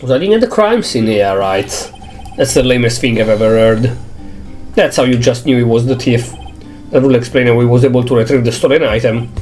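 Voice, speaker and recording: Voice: medium pitch, animated, fairly quick, a little mellow, faint music behind. A streamer with a cold casually reading a game's dialogue aloud and commenting between lines, with some swearing. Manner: casual, swears, reads text half-aloud. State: sniffly with a cold, coughing.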